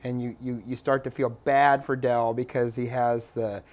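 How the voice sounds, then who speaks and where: A man's voice: mid-range voice, flat delivery, normal speed, darkish tone. Eager man retelling movie scenes. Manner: eager, retells scenes, finishes partner's sentences. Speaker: co-host of a movie talk show. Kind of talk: casual chat about a movie.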